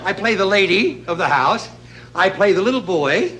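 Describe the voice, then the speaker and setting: A man's voice: high-pitched, animated, moderate pace. A man hosting a comedy show, telling folksy jokes in a stand-up monologue and chuckling at his own gags. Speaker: comedian host. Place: TV studio stage before a live audience. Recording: loud crowd and noisy studio sound. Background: loud audience laughter and noise.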